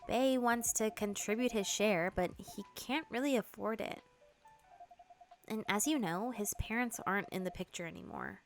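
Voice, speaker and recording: A woman's voice: medium pitch, normal speed, soft background music, natural voice. A woman voicing an earnest, worried young woman planning her wedding, reading game dialogue. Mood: concerned. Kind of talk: game dialogue read-through.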